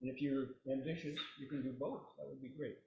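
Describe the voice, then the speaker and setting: A man teaching a meditation class, relaxed and joking, leading his students through chanted repetitions. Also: mid-range voice, a little fast, vocal fry, lo-fi sound. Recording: roomy, echoey room.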